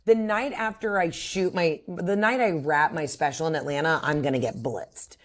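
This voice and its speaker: A woman comedian, a guest on a podcast, telling stories in a brash, crude, animated way. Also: low voice, moderate pace. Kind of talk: casual interview chat.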